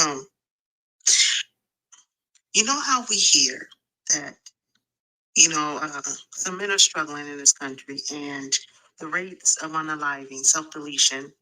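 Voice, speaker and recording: A woman guest on a livestream with a low voice and a sharp, bright edge. She talks casually, pausing and searching for her words. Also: poor audio. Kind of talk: casual chat.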